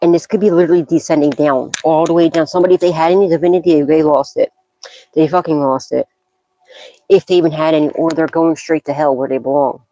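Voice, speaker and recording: A woman's voice: deep voice, fairly even intonation, fast talker, warm tone, low-quality recording. A woman gives a psychic tarot reading as a loose, casual monologue. She is blunt and profane, scolding freely and breaking into bursts of laughter as she talks.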